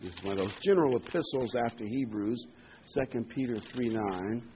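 A man's voice: mid-range voice, animated, a little fast, dull audio, slight background noise. A man giving a sermon, earnest and emphatic, repeating key words and reading scripture aloud. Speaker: preacher.

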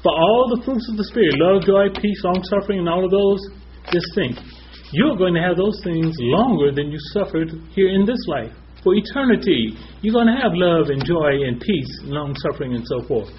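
Scripture-citing man with a higher voice. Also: animated, normal speed. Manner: cites scripture references, speaks in short phrases. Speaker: preacher. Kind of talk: sermon. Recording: slightly dull with faint noise.

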